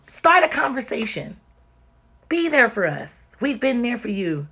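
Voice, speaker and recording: A woman's voice: a little high, very animated, unhurried, pushed and bright, breathy edge. Tearful, emphatic woman on a livestream. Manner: emphatic, repetitive, direct. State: tearful and exhausted. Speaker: livestream host. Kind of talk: impassioned livestream talk.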